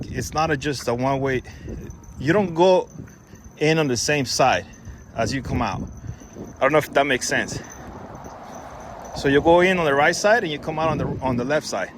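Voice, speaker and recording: Guy telling a long rambly story, voice a bit high, keeps correcting himself, bit of noise in the back. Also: fairly bright tone. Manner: rambling, self-correcting, quotes others in a raised voice. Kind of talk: casual storytelling.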